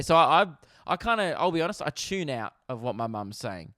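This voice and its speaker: A young Australian man hosting a podcast, telling a comedic story with animated swearing and laughter. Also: mid-range voice, fast talker, hardly any pauses, no room sound, clean studio sound. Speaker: podcast host.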